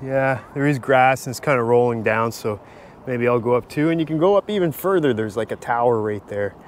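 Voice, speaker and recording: A man giving a relaxed, chatty travel vlog commentary while walking outdoors through a city. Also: medium pitch, a little fast, a little hiss or hum. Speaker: travel vlogger. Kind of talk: casual walking vlog narration.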